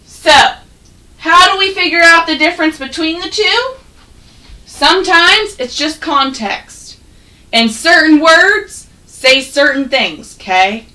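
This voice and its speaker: A woman teaching first graders an online phonics lesson, patient and encouraging, sounding words out slowly. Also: very high voice, expressive, sharp tone, recorded from a distance, rough recording.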